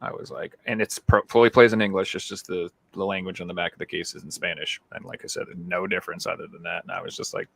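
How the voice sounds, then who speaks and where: Man, gravelly, animated, dry close mic, casual podcast banter. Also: sits low, fast talker, few pauses, dry recording. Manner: animated, laughs a lot. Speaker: podcast co-host. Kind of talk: casual chat.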